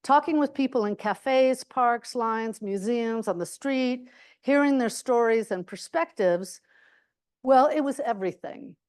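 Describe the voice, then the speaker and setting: A woman giving a reflective, expressive talk at a university forum, telling her stories with lively emphasis and occasional exclamations. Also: fairly high pitch, measured pace, smooth. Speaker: guest speaker.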